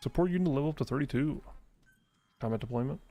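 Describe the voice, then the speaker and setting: Swearing, animated male game streamer. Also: mid-range voice, quick pace, faint music behind. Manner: animated, exasperated ranting with frequent swearing; mutters menu choices under his breath while playing. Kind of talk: casual live-stream gameplay commentary.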